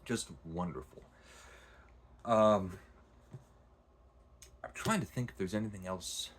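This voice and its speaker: A book reviewer with a lowish voice casually retells and reviews a long novel for his vlog, speaking unhurriedly. He rambles and frequently restarts his sentences.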